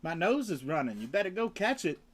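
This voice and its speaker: A man's voice: high-pitched, very animated. A man hosting a casual livestream, talking loosely and coughing between lines. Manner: laid-back, slow and loose, sings meows and theme hums. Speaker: livestream host. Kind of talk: casual rambling livestream chat.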